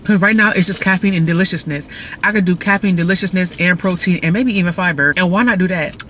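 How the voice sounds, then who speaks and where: A woman chatting casually to her viewers in a vlog, telling stories in an animated, slangy way while out running errands. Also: lowish voice, fairly quick, a little hiss or hum. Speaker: vlogger.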